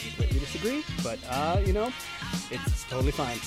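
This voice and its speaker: Male podcast host, slightly high, playful sing-song delivery, on a call with music behind. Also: sing-song, a little fast. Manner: joking, sing-song, stumbles over names. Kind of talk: casual chat. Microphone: video call.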